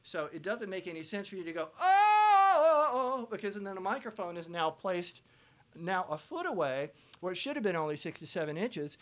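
A man teaching a pop vocal production masterclass to students, lively, breaking into loud sung examples. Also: high voice, a little fast. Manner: animated, belts out sung examples.

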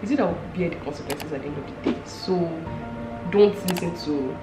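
A woman's voice: low-pitched, brisk, loud music behind the voice. A young woman, chatting casually and laughing often as the roommate guest. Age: young adult. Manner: animated and laughing, with frequent fillers. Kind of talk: casual chat. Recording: roomy room with background noise.

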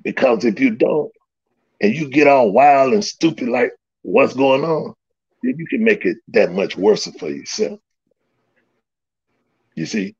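Gravelly animated man telling a story. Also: mid-range voice, a little slow, long pauses. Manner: animated, laughing, swearing, acts out quotes. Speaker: storyteller guest. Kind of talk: casual storytelling. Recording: dull lo-fi recording.

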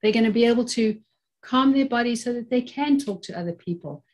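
A woman in her fifties with a somewhat high voice speaks as an experienced occupational therapist in an online conversation. She is earnest and emphatic, leaning on repeated phrases to press her points. The sound is a plain computer microphone on a video call. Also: brisk, darkish tone. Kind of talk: conversational webinar interview.

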